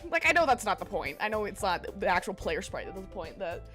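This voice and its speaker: A woman's voice: medium pitch, very animated, fairly quick, a bit bright, faint music behind. A woman streamer in casual, giggly chat, greeting her viewers by name.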